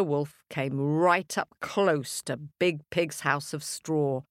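A woman telling a children's story, playful and animated, making sound effects. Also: sits low, slow pace, hardly any pauses, dry recording, clean studio sound.

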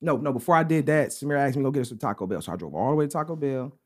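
A young adult man hosts a casual podcast chat and tells a long story in slangy street talk. He talks fast, his pitch jumps around with animation, and "bro" punctuates nearly every turn. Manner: slangy, animated anecdote telling with repeated "bro". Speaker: podcast co-host.

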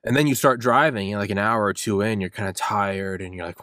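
A man's voice: fairly low pitch, fairly even intonation, brisk, few pauses, a bit bright, no echo, studio quality. A young man hosting a solo podcast rant, rambling and swearing, acting out his own inner voice. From United States. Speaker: podcast host.

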